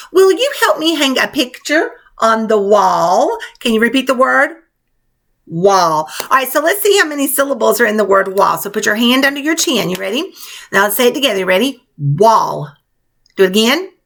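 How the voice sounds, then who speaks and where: A woman teacher leading a spelling lesson for young children, spelling words out letter by letter in a slow, clear, encouraging way. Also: on the high side, sing-song, fairly bright tone.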